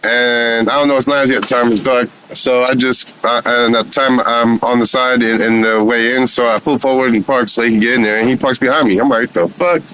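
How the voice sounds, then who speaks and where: A man's voice: mid-range voice, steady tone, a little fast, few pauses, fairly bright tone, clear, resonant tone, rough recording. A man telling a story in casual first person, heated and profane, with frequent restarts and stumbles. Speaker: vlogger recounting an encounter.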